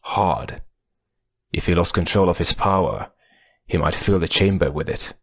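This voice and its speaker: Casting: male audiobook narrator, deep and gravelly, measured dramatic pacing. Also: no room sound, studio quality. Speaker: audiobook reader.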